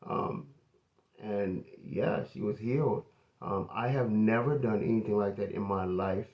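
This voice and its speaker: A pastor telling a personal testimony in an earnest, conversational way. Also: male voice, fairly low pitch, unhurried, darkish tone.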